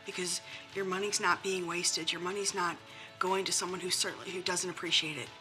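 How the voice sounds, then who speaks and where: Earnest woman, lowish voice, donation appeal over music. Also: fairly even intonation, brisk. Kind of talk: interview.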